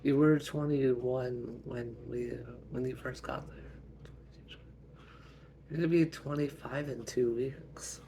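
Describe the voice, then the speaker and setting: A man acting out a family story as the father, talking in a gentle, unhurried way. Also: mid-range voice, fairly even intonation, a little hiss or hum. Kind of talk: family role-play storytelling.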